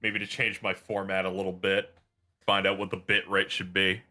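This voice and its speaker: A tired young man co-hosts a game stream at the end of an all-night session. His voice is lowish but bright and edged. He jokes dryly at his own expense and swears casually. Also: level tone, normal speed. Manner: dry, self-deprecating, swears casually. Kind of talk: casual chat.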